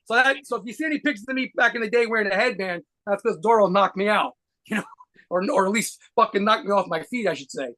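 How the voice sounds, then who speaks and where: A man telling rapid, profanity-laced stories as a guitarist being interviewed. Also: high-pitched, bright, forceful tone. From United States. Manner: rapid profane anecdotes with laughs. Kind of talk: fast storytelling interview.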